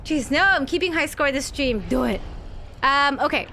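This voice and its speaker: A woman's voice: high-pitched, animated, normal speed, pushed and bright, a little hiss or hum. A woman streaming herself playing a game, chatting playfully with viewers and talking to herself, with the odd swear. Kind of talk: live gameplay commentary, chatting with viewers.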